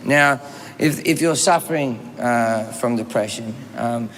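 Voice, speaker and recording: A man's voice: mid-range voice, unhurried, a bit bright. A man in his forties doing live stand-up, telling a long story with profanity and acted-out quotes. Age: 40s. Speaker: stand-up comedian. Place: comedy stage before an audience. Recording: echoey hall with room noise.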